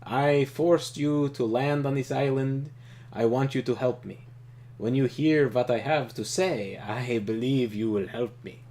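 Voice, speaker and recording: A man reading out a calm, powerful male leader. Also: medium pitch, close to an everyday voice. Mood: measured. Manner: measured, formal, read aloud with emphasis.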